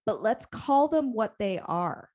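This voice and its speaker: A woman's voice: fairly high pitch, expressive, slow, a little mellow. A woman in her thirties co-hosting a podcast, talking earnestly and emphatically, with a touch of sarcasm. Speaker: podcast co-host. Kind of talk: casual chat.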